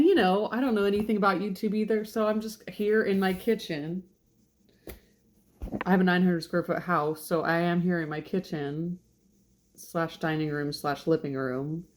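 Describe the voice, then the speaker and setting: A woman's voice: fairly low pitch, a little mellow. Chatty woman in her late thirties. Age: 30s. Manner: chatty and rambling, self-deprecating, frequent laughs. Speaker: channel host. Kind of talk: casual vlog intro. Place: home kitchen.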